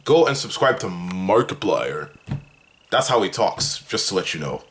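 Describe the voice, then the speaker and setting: A young man putting on a deep, earnest impression of a famous gaming YouTuber. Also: sing-song, a little slow, noisy background.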